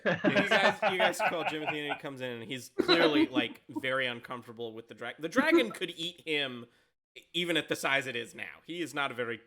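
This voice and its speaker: A man's voice: on the high side, sing-song, a little fast, a loud crowd. A man running a tabletop game as dungeon master, narrating hesitantly with many fillers.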